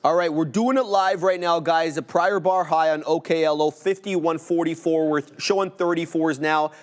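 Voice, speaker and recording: A man's voice: fairly high pitch, fairly even intonation, normal speed. A man co-hosting a live trading stream, calling out price levels and order fills as they happen, with playful asides in between. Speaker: day trader co-hosting a live market stream.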